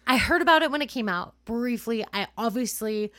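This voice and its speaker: A young woman co-hosting a podcast, chatting casually with many fillers and quick laughs. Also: fairly high pitch, lively intonation, a bit bright, no echo, studio quality. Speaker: podcast co-host. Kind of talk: casual chat.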